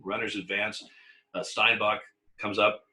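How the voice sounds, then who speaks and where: An older man recounting his umpiring days in a casual interview. His voice is very bright and sharp, and he stumbles over repeated words and breaks into laughter. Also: on the low side, little pitch movement, unhurried, low-quality recording. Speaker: former umpire.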